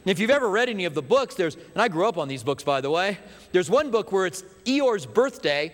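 Brief: male pastor, high voice, animated sermon, echoing church sanctuary. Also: brisk. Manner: animated storyteller, drops to hushed emphasis. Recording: long hall reverb.

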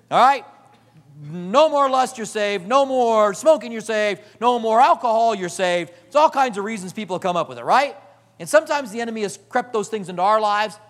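A man preaching a sermon as pastor, animated, acting out quoted voices and swinging from loud to hushed. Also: high-pitched, normal speed, in a large hall.

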